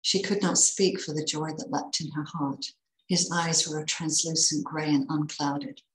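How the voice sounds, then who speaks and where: A woman reading a Christmas story aloud in a measured, expressive way. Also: low voice, roomy sound, low-quality recording.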